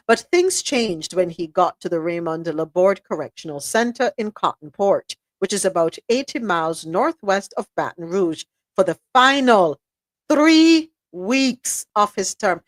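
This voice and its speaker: A woman's voice: medium pitch, no room sound. A woman podcast host reading a news article aloud, breaking off now and then to add her own indignant remarks.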